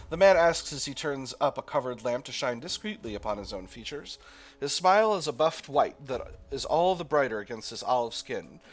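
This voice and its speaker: A man hosting a gameplay video, reading the game text and thinking aloud with hesitant restarts. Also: mid-range voice. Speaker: gaming channel host. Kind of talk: let's play narration and reading aloud.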